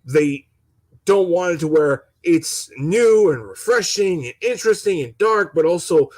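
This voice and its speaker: Young male channel host, somewhat high voice, rambling heated opinion vlog, stutters and swears. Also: expressive, measured pace, darkish tone, low-quality recording. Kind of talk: casual opinion rant.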